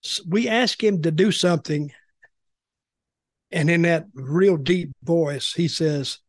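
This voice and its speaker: A man's voice: a little high, takes it slowly, dry recording. An older man telling blunt, rambling stories in casual podcast chat, often repeating himself. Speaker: podcast guest, former wrestling executive.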